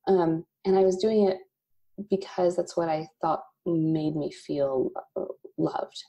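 A woman in her thirties speaks as a podcast guest, sharing an emotional personal story. Her voice is low and darkly mellow, with a gravelly edge. She breaks into laughter often and acts out quoted asides with lively energy. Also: takes it slowly. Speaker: podcast guest, coffee company founder. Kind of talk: candid conversational storytelling.

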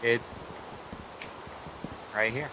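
A man's voice: medium pitch, steady tone, very slow, background noise. A man chatting and teasing casually with friends during a game session. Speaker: gamer. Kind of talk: casual group gameplay chat.

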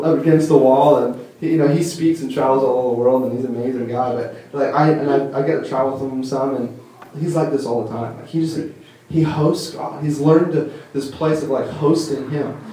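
A man's voice: medium pitch, fairly even intonation, moderate pace, warm tone. A young man giving a casual, rambling sermon at a conference, full of fillers and enthusiastic stories. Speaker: conference speaker. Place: church hall. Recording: echoey hall from far off.

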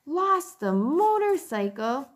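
An eager, earnest young boy from a storybook, speaking with a raised, youthful pitch, as a woman reads him aloud. He sounds sincere and a little reproachful. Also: sing-song, slow pace, heavily acted.

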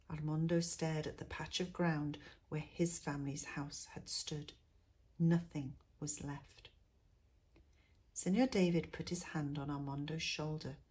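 A woman teacher reading a picture book aloud to schoolchildren, expressive and dropping to a hush in quiet moments. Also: deep voice, breathy edge. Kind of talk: storybook read-aloud.

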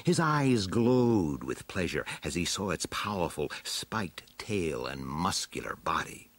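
A man narrating a children's adventure storybook aloud in an expressive, dramatic way. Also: low-pitched, slow pace, no echo. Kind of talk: storybook reading.

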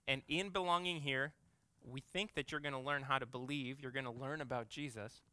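A man's voice: medium pitch, pushed and bright, no room sound. A man in his thirties, an executive pastor, giving a conversational sermon full of playful, self-mocking family stories.

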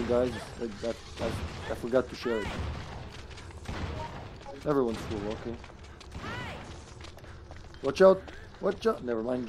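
A man streaming a video game live, chatting casually and playfully, breaking into excited shouts. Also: medium pitch, a little hiss or hum. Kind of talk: live gameplay commentary.

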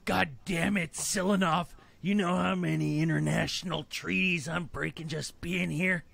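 Gravelly, husky swearing agent, as a man puts him on, comedy sketch. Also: a little high, fairly even intonation, normal speed, fairly bright tone, exaggerated voice. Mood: gruff exasperated. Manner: gruff, swears constantly. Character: gruff, cursing male government agent.

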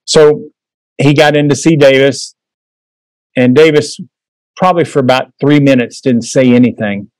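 A man's voice: mid-range voice, fairly even intonation, moderate pace, pauses often, no room sound, low-quality recording. Folksy man giving a talk. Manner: folksy, conversational, many fillers. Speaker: guest speaker. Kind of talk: history lecture and Q&A. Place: meeting room.

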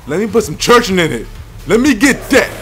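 A young man commentating his own basketball video game, loudly cursing and trash-talking his teammates. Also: high-pitched, sing-song, fairly quick, soft background music. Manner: loud, profane trash talk at teammates. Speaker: gamer. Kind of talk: live gameplay commentary.

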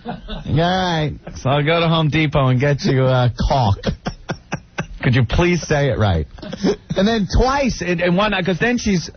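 A man co-hosting a radio show, telling a story with lively, mocking impressions. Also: moderate pace, a little hiss or hum. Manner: animated storytelling, mocking high-voiced impressions. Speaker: radio co-host. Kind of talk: morning radio banter. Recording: dull lo-fi radio broadcast.

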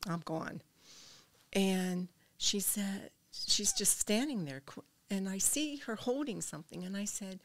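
A woman's voice: mid-range voice, unhurried, fairly bright tone, no echo. An older woman, a podcast guest, earnestly telling a personal story and dropping to a whisper at tense moments.

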